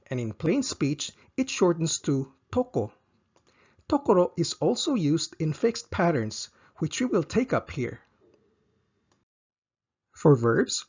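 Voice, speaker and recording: A man's voice: medium pitch, a little mellow, slightly rough, lo-fi sound. A man teaching a slide-based language lesson, explaining patterns step by step and repeating example sentences.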